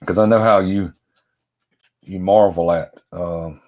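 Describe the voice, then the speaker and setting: Casting: middle-aged man, low voice, folksy rambling vlog chat, addresses viewers by name. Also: fairly even intonation, slow, highs cut off. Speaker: vlogger. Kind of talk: casual chat while unboxing.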